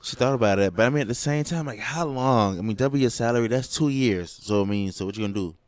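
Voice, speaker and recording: A man's voice: mid-range voice, fast talker. A man co-hosting a podcast in casual chat, joking and rambling with lots of fillers. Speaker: podcast co-host.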